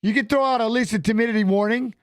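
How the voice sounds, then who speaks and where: A man giving casual live commentary on a fight as a watch-along host, animated and coaching the fighters aloud, repeating phrases. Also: high voice, quick pace, no room sound, clean studio sound.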